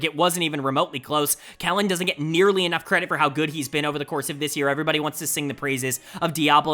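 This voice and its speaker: A man's voice: on the high side, sharp tone. A young man giving a solo esports analysis in an emphatic, opinionated way. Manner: emphatic and opinionated, rapid-fire delivery.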